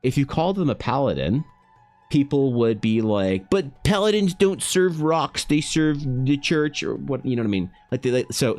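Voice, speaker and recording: A man's voice: medium pitch, a little mellow. A man streaming his art and chatting casually, rambling with many restarts and filler words and greeting viewers directly. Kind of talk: casual live-stream monologue.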